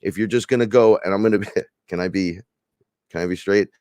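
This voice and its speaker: A man hosting a casual spiritual podcast chat, animated and profane, acting out imagined back-and-forth dialogue. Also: sits low, a little fast, no room sound, studio quality. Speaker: podcast host.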